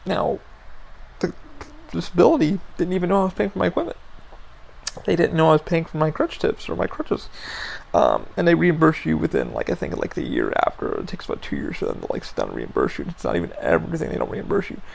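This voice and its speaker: A man's voice: a little high, huge pitch swings, fast talker, creaky, a little mellow, low-quality recording. A man hosting a podcast, venting frankly in a casual monologue, blunt and full of swearing. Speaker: podcast host.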